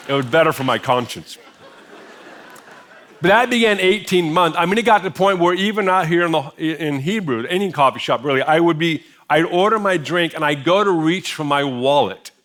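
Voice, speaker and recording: A middle-aged American pastor preaching in a church, telling a personal story in a conversational way with self-deprecating humor. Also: male voice, a little high, fairly bright tone. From United States. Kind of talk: sermon storytelling. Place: church sanctuary.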